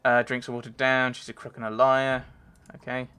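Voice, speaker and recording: A man's voice: mid-range voice, little pitch movement, normal speed, bright, forceful tone, clean tone. A man giving casual, rambling commentary while playing a game, thinking aloud and reading on-screen text. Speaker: let's play gamer.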